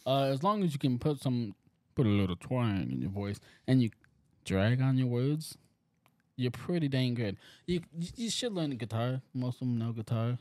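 A man's voice: medium pitch, expressive, moderate pace, dark tone, no echo. A man co-hosting a casual podcast, joking around and laughing often. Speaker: podcast co-host. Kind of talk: casual chat.

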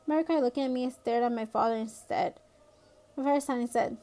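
Casual woman reader, a bit high, reads a novel with asides. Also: steady tone, quick pace, mellow. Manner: casual, with spoken asides and restarts. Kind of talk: reading a novel aloud.

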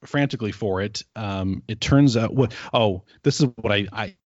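A man's voice: on the low side, moderate pace, dry recording, highs cut off. A man co-hosting a podcast, casually recapping an episode with rambling asides and filler words. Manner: rambling, lots of ums and quoted asides. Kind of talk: casual chat.

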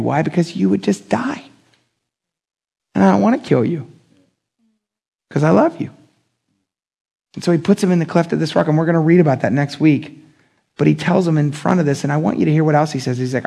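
A male pastor preaching an animated sermon, acting out the quotes with big pitch jumps and joking with the congregation. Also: moderate pace, vocal fry, pauses often, breathy edge.

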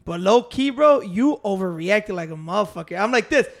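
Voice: mid-range voice, expressive, moderate pace, creaky. A speaker telling a rambling story in casual chat, swearing and acting out what others said.

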